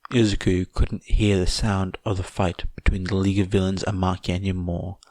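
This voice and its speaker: A man reading fan fiction aloud as a podfic narrator, in a measured, even way. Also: deep voice, dry recording. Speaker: podfic reader.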